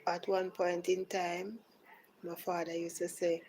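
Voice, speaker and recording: Jamaican woman, podcast host, casual chat, unhurried, slightly low voice, faint room hiss. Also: steady tone, poor audio. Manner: slow, chatty, drops to soft near-whispers.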